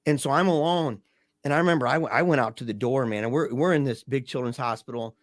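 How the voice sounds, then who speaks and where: Speaking quickly in a mid-range voice, a man who lives in Michigan recounts a painful family story as a grieving father on a podcast. He's casual and emphatic, dropping "dude" and "man" throughout, with no room sound on the recording.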